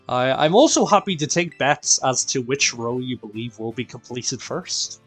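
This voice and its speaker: Northern Irish male streamer, tired but chatty, self-deprecating, middle pitch, soft music in the background. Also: animated, normal speed, hardly any pauses. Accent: mixed Northern Irish. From Northern Ireland. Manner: chatty, greets viewers by name, self-deprecating. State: tired and quieter than usual. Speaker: live-stream raid host. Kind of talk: casual live-stream chat.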